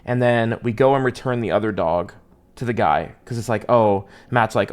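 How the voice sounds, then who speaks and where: A man's voice: lowish voice, fairly quick. A young man streaming live, telling a long story in a rambling, profane, slang-heavy way.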